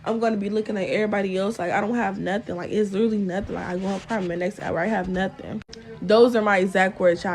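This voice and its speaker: A young woman telling a story to her viewers in casual chat, exasperated and talkative, often calling them y'all. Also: mid-range voice. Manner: chatty and exasperated, addresses viewers as y'all, fills with "or whatever". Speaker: storytime vlogger.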